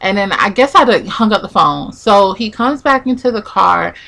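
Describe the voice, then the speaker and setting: A woman's voice: mid-range voice, animated, moderate pace, gravelly, a bit bright. A young woman vlogger telling a personal story in a chatty, casual way, full of "like" and acted-out quotes. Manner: chatty, peppered with "like", acts out quotes.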